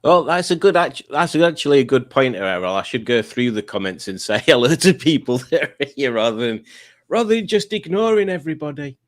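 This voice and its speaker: Man, host, casual chat, laughs a lot, mid pitch. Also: very animated, brisk. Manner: chatty, laughs often, reads out comments. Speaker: podcast host.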